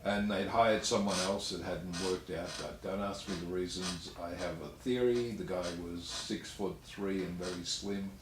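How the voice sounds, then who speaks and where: An actor guest, laid-back and blunt, telling anecdotes in an interview. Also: male voice, low-pitched, fairly even intonation, moderate pace, few pauses. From Australia. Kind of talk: storytelling interview. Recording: echoey room, mic far off, faint noise.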